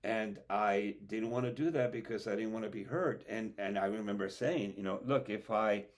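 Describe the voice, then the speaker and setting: A man's voice: fairly low pitch, moderate pace. A man hosting a podcast conversation, asking reflective questions in an earnest, conversational way. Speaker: podcast host.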